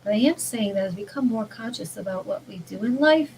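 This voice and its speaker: A woman's voice: mid-range voice, lively intonation, fairly quick, a little mellow, slight background noise, poor audio. A woman talking in an earnest, rambling way about mindful living, often restarting her sentences. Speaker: vlogger. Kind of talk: casual spiritual monologue.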